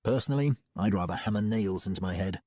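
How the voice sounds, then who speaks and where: A man narrating an audiobook in the first person, wry and expressive, on a close studio mic. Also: deep voice, fast talker, no room sound. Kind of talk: scripted narration.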